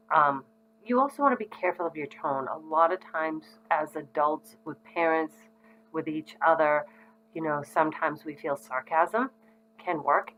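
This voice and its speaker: Middle-aged woman, low pitch, casual parenting educator, relaxed and conversational. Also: slight background noise, rough recording. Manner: frequent ums, conversational and reassuring. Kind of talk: casual instructional talk to parents.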